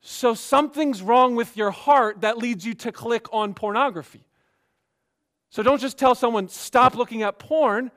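A man preaching a sermon as pastor, emphatic, swinging between quiet asides and raised exhortation. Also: extremely high pitch, a little slow.

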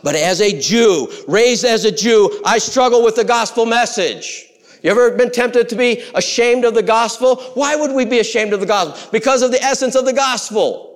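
Animated male preacher, fairly high voice. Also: normal speed. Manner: animated, swings between loud exclamations and hushed asides. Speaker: pastor. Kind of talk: sermon.

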